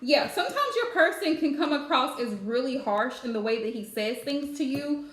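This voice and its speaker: A woman's voice: high-pitched, lively intonation, moderate pace, roomy sound. A woman giving a live-streamed spiritual reading, chatty and advice-giving with lots of fillers. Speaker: psychic card reader.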